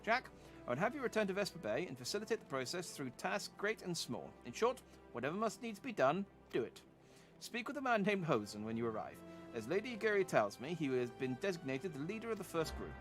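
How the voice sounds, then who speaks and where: A man reading the lines of a formal male noble who gives orders in measured, old-fashioned speech. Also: a little high, very animated, fairly bright tone, soft background music.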